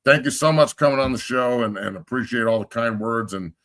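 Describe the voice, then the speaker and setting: A man's voice: mid-range voice, a little fast, a bit bright. A middle-aged man hosting a podcast and coaching football, telling stories bluntly with plenty of swearing and giving heartfelt praise. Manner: blunt, profane storyteller. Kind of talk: casual chat.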